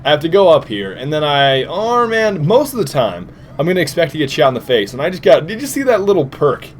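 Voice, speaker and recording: A tired young man giving casual, jokey gameplay commentary with sudden loud outbursts. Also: fairly high pitch, sing-song, fairly quick, slight background noise. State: tired, short on sleep. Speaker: gaming commentator.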